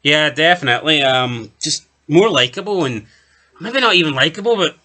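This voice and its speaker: Recapping an episode with his TV review podcast co-host, a man chats casually, joking and adding asides to his plot summary. He sounds a little high, animated and bright, with a forceful tone at a normal speed.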